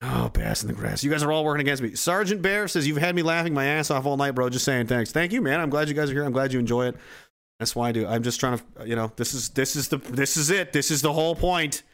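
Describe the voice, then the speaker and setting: A man's voice: medium pitch, expressive, fast, fairly bright tone. A man hosting a podcast livestream, ranting casually and profanely, reading chat messages and acting out quoted voices.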